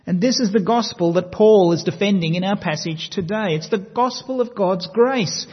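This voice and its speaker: A man preaching a sermon, measured and emphatic, slowing down to stress key words. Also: high-pitched, husky. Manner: measured, emphatic delivery with slow stressed phrases. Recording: long reverb, dull lo-fi sound.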